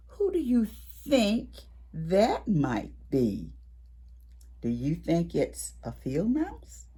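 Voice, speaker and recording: A woman reading a picture book aloud at a library storytime for preschoolers, animated, with gasps and whispered asides to the children. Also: lowish voice, breathy edge.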